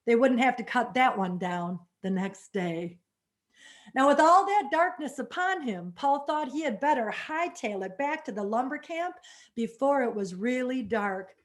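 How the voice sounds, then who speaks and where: A woman storyteller telling a folk tale dramatically, adding spoken sound effects. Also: high voice.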